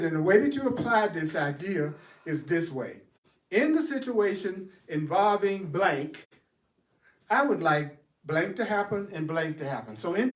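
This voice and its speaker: A man teaching a spiritual class in an animated way, asking rhetorical questions, answering them himself and chuckling often. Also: a little high. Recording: roomy sound from a distant mic.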